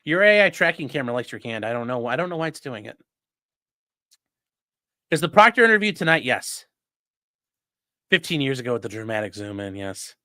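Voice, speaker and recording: A man in his late thirties telling a story in a casual, animated and profane way as the host of a livestream, full of gun jargon. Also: mid-range voice, a little fast, long pauses, no echo. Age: late 30s.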